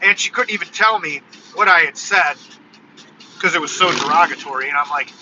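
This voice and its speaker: A man in his forties talking casually in a live vlog from his car, telling stories in an animated, ranting way. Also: a little high, brisk, slight background noise. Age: 40s. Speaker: vlogger. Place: in a car on the road. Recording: dull lo-fi car recording with music. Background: techno music playing.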